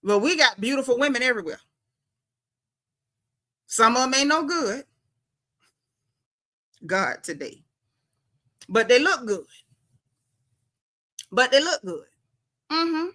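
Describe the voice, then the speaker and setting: Sassy, bright-voiced woman dishing reality TV. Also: high voice, expressive, takes it slowly, pauses often. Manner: sassy, emphatic, repeats her punchlines; talks straight to viewers as y'all. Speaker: reality TV commentary vlogger. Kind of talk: casual reality TV commentary.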